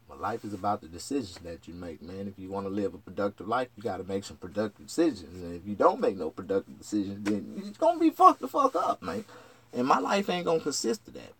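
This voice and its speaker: A man rambling through a profane, casual vlog monologue. He jumps from shouted outbursts to low mutters. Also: breathy edge. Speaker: vlogger.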